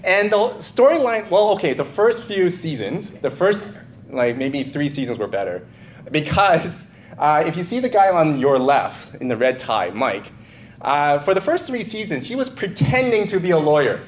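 A middle-aged pastor with a voice on the high side, speaking at a normal pace over slight background noise, preaches a sermon. He reads scripture aloud, then drifts into animated personal stories told loosely and conversationally, chuckling often and tossing in casual asides.

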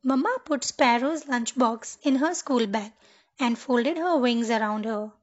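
High-voiced woman reading a children's story. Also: a little slow. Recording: dull lo-fi recording.

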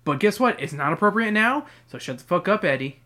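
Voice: medium pitch, a little fast. A podcast host reading a children's book aloud and riffing on it with profane, sarcastic jokes. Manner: profane, sarcastic, swings from flat reading to loud outbursts.

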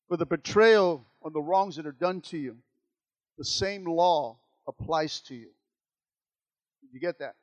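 A man's voice: high voice, a bit bright, no room sound. A man preaching a sermon as pastor, repeating lines and calling out to the church. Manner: preaching with call-outs and repetition.

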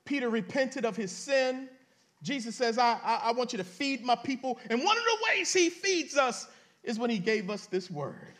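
High-voiced man preaching with bursts of shouting. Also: big pitch swings, normal speed. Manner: preaching with dramatic rises and shouts, reading scripture aloud; colloquial, addresses the congregation directly. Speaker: pastor. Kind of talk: sermon.

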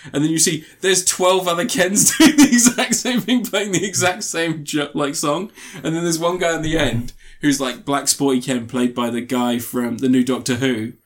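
A young man co-hosts a film review podcast, casually and enthusiastically retelling movie scenes in a rambling way packed with fillers. His voice sits fairly high, and he talks at a moderate pace with hardly any pauses.

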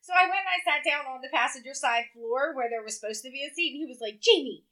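High, bright-voiced woman telling a story. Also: fast talker. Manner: lively storytelling, laughs through her story. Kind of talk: casual chat.

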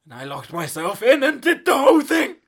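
A man's voice: mid-range voice, a little fast, slightly rough. A man playing a boastful but flustered actor in improvised comedy banter, stammering and prone to sudden outbursts. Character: boastful, flustered male actor, claims two Oscars.

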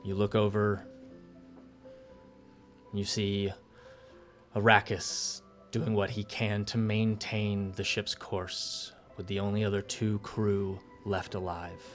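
A low-voiced man leads a tabletop role-playing session as game master. He lays out the rules in a measured, step-by-step way while soft music plays faintly behind him. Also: level tone.

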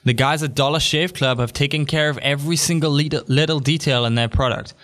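A man's voice: on the high side, a little fast, a bit bright. A young adult man from England, hosting a solo podcast in an upbeat, chatty way with jokey asides. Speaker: podcast host.

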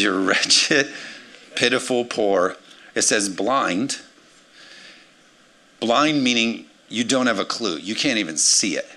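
An American pastor in his forties, with a fairly low voice, preaches a sermon, swinging energetically between loud emphasis and quiet asides.

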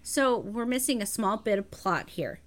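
Lively woman filling in plot details. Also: mid-range voice, moderate pace. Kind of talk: casual movie recap chat.

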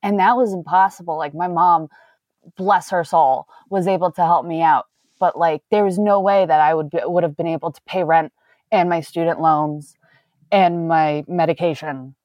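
Low-voiced woman in animated podcast talk. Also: moderate pace, dry recording, muffled recording. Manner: animated, restarts often, laughs while talking. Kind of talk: casual podcast discussion.

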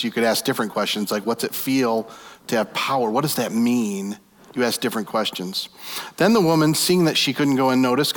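A man preaching in a big reverberant hall, his voice trailing off into a long echo. He retells a scripture story with lively imagination and keeps asking his listeners rhetorical questions. His pitch sits in the middle range. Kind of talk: sermon.

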